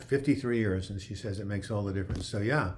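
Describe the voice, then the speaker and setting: Speaking quickly in a lowish, darkish voice, a livestream host reads viewer comments and responds loosely. His talk is rambling, full of "you know" and restarts, with slight background noise.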